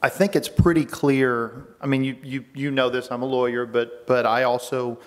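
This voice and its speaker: A man's voice: mid-range voice, steady tone, moderate pace. Man pressing a point in an echoing hearing room. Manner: pressing, argumentative, repeats words when restarting. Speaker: state legislator questioning a witness. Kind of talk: committee hearing questioning. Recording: long reverb of a hearing room.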